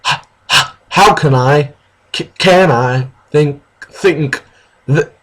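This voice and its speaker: A man's voice: very high-pitched, sing-song, unhurried, pitched above the performer's own voice, exaggerated voice. A man voicing a shy, flustered teenage girl who stammers, read aloud from a story. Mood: tearful.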